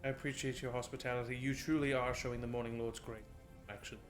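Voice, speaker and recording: A man's voice: mid-range voice, level tone, quick pace, soft background music, lightly acted. A man voicing a humble, courteous male cleric who speaks formally with some hesitation.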